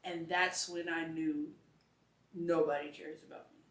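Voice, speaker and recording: A woman's voice: deep voice, flat delivery, a little slow. A young adult woman giving an earnest, conversational personal faith testimony as an interview guest, with casual slang. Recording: echoey room.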